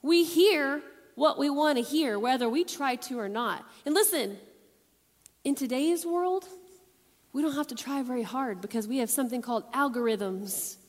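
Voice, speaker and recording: A woman preaching a youth sermon in a lively, conversational way, asking the audience questions. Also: sits high, moderate pace. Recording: long hall reverb.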